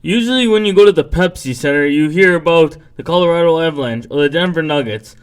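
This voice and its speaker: A man's voice: on the high side, fast, clear, resonant tone. A man hosting a sports podcast, reading a scripted rundown with casual asides. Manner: reads from a script, loses energy with asides. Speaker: podcast host.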